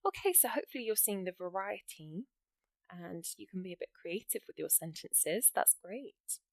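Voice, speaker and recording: A woman's voice: mid-range voice, expressive, moderate pace, vocal fry, no echo. Upbeat woman teaching grammar. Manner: encouraging, talks through examples step by step. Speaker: English teacher. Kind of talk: explaining writing exam grammar.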